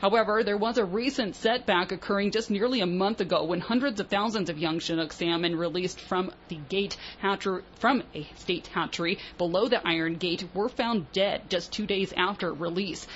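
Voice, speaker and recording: A woman reading scripted local news on the radio in a steady, measured way. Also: fairly low pitch, lo-fi sound, slight background noise.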